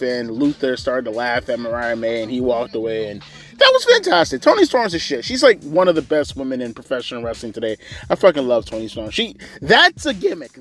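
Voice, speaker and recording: A man's voice: mid-range voice, fairly bright tone. Sarcastic ranting man reviewing wrestling. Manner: sarcastic, profane, rambling. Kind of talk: casual review rant.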